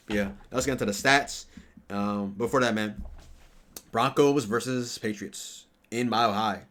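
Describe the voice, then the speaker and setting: A man with a fairly low voice runs through game stats in loose, rambling fan commentary. He stumbles over names and fills gaps with ums, then flares into loud, profane trash talk. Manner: fillers and self-corrections while reading stats. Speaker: sports fan channel host. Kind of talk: casual stat-reading reaction commentary.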